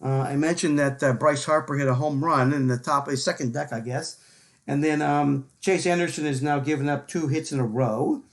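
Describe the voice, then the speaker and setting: A man's voice: fairly high pitch, fairly even intonation. A man hosting a live sports talk show, chatting casually with many fillers and repeated words. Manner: filler-heavy, repeats words, quick to laugh. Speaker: podcast host.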